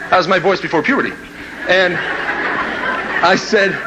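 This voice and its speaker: A man's voice: sits high, a little slow, long pauses, a loud crowd, heavy background noise. A man telling a funny personal story to an audience as a motivational speaker, acting out the voices in it with lots of energy. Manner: animated, acts out quoted voices and laughs at his own story.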